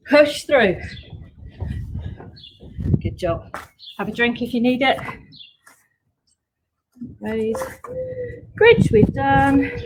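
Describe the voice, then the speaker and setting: A woman's voice: sits high, background noise. A woman leading a home workout class, coaching upbeat with chatty asides, a little out of breath. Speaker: fitness instructor. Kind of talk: live workout class instruction.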